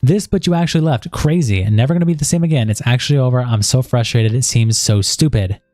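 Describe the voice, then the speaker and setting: Guy streaming, reading messages out loud, dark mellow voice, dry sound, faint music behind. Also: mid-range voice, fast, no echo. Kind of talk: reading chat logs aloud with commentary.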